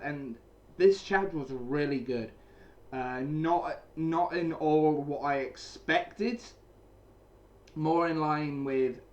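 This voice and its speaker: A man's voice: fairly high pitch, lo-fi sound. Rambling man recapping a comic chapter. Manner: rambling, many restarts and repeated phrases. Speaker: manga chapter reviewer. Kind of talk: casual chapter recap and commentary. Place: small cold room indoors with a heater running.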